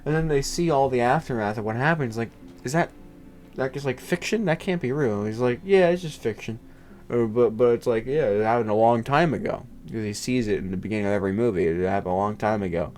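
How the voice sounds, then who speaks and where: Casual male host, rambling and filler-heavy, joking, mid pitch. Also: fast talker, a little mellow. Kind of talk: casual chat.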